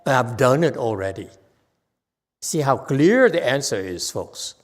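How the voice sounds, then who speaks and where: A man's voice: mid-range voice, big pitch swings, a little slow. A man as a Buddhist meditation master giving a conversational dharma lecture, checking in with his listeners often.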